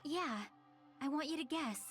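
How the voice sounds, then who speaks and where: A soft-spoken young girl from a video game speaks in a high, gentle voice. She sounds measured and hesitant, choosing each word with care. Faint music sits under her lines. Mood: pleading. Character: calm soft-spoken young girl who confesses as the traitor.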